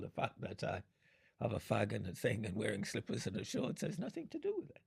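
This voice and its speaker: Gravelly older man telling a story. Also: fairly low pitch, huge pitch swings, a little mellow. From Jamaica. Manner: unhurried, explains through analogies, laughs often. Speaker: interviewee. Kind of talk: reflective storytelling.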